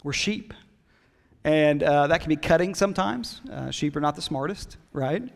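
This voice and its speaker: A man's voice: a little high, moderate pace, creaky. Emphatic preaching man in reverberant hall. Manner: conversational, emphatic preaching with asides. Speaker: pastor. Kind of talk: sermon. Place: church hall.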